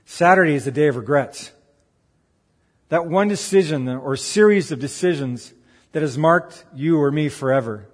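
A man delivering a sermon, swinging from emphatic raised peaks to quiet, earnest asides. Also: on the high side, moderate pace, in a large hall. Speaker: pastor.

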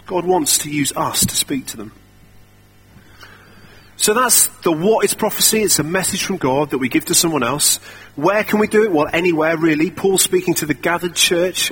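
A man's voice: on the high side, normal speed, a bit bright, husky. A young man preaching a sermon in a conversational, self-deprecating storytelling way.

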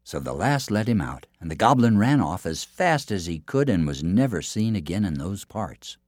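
Male storyteller, low voice, very lively delivery, dry studio sound. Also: moderate pace, no echo. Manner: expressive, hushed asides. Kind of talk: folk tale narration.

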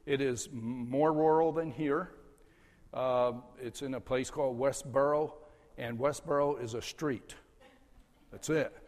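Older pastor with halting speech in a reverberant church. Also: male voice, mid-range voice, steady tone, a little mellow. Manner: slow and halting, with frequent "uh" fillers and chuckles. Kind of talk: farewell address from the pulpit. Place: church sanctuary.

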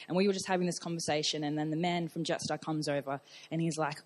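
A woman's voice: deep voice, steady tone, fast talker, few pauses. Chatty young woman telling a testimony. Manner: chatty, many fillers and restarts, acts out dialogue. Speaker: church member giving testimony. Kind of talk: casual storytelling testimony. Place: church service.

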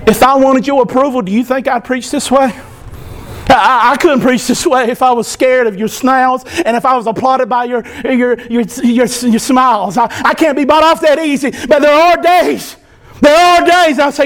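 A male pastor preaching an impassioned sermon, often breaking into shouts. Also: very high-pitched, steady tone, normal speed. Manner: impassioned, fervent, bursts into shouting.

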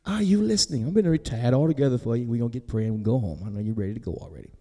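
A pastor preaching a sermon in a folksy, conversational way, building to near-shouts and then dropping soft. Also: male voice, medium pitch, expressive, very fast, long reverb tail. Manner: folksy, conversational, talks straight to the congregation. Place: church sanctuary.

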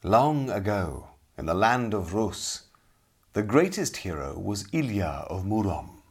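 A middle-aged man narrating a storybook in an expressive, dramatic way. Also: fairly low pitch, slow, husky. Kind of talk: audiobook storytelling.

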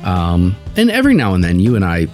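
A man's voice: low-pitched, huge pitch swings, brisk, a little mellow, faint music behind. A man co-hosting a casual podcast chat, telling a long, winding story. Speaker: podcast co-host.

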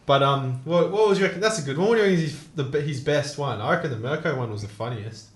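A man's voice: fairly high pitch, fast, roomy sound. A young man telling stories in casual chat, laughing and swearing often. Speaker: co-host.

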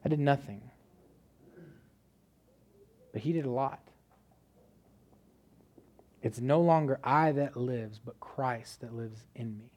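A male preacher telling a story from the pulpit in a loose, conversational way. He leans on filler words as he talks, and his voice sits in an ordinary middle pitch. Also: takes it slowly, pauses often, a little mellow. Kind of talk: casual sermon testimony.

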